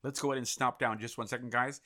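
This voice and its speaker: A man hosting a radio talk show, chatting loosely with guests and filling pauses with "you know" and "uh". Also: medium pitch, fairly even intonation, a crowd in the background. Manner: chatty, loose, with repeated thank-yous and fillers. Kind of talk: casual radio interview.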